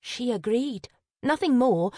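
A woman voicing a timid, tearful youngest sister who talks softly and sighs. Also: a little high, lively intonation, slow pace, no room sound, clean studio sound, pitched above the performer's own voice. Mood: earnest. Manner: soft, plaintive, sighing.

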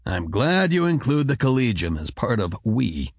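A man voicing the measured, diplomatic head of a scholarly order. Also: medium pitch, dry recording. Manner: calm, careful, diplomatic.

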